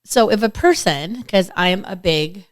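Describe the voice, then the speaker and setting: A woman's voice: medium pitch, unhurried, no room sound, studio quality. A woman hosting a radio talk show, chatting casually and acting out little stories with quoted voices. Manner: chatty, animated storytelling with acted-out quotes. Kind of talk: casual chat.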